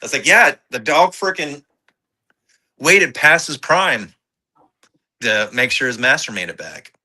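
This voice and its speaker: A man co-hosting a podcast, casually and enthusiastically recounting film scenes and chiming in with quick agreement. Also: medium pitch, animated, pushed and bright, low-quality recording. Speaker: podcast co-host. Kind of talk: casual film review chat.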